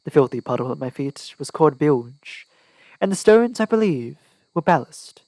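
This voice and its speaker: A man reads an audiobook in the first person, his voice pitched a little high and his delivery dramatic and tense. The recording is close and dry. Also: very animated, moderate pace, a little mellow, no room sound, low-quality recording. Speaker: audiobook reader.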